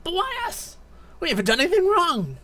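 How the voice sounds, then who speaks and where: A streamer doing a shrill young creature hero. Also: wildly swooping pitch, brisk, sharp tone, a little hiss or hum, exaggerated voice. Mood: alarmed. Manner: alarmed, pleading.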